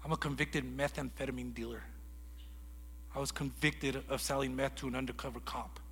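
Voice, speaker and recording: A man preaching a sermon in a lively storytelling way, acting out conversations as he goes. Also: medium pitch, a little fast, husky, big-room sound. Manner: animated storytelling, acts out dialogue. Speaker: guest preacher.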